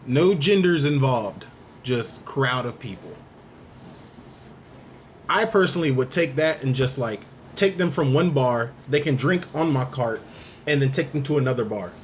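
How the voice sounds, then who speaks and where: A man's voice: mid-range voice, lively intonation, a little slow. A man hosting a casual late-night podcast with friends, joking and laid-back as he wraps up the show. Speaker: podcast host. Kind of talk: casual chat. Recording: faint background noise.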